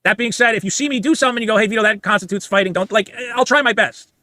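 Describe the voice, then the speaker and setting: A man's voice: high voice, rapid-fire, pushed and bright, no room sound, clean studio sound. A podcast co-host pleading with his partner, often repeating himself and restarting his sentences. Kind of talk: podcast argument.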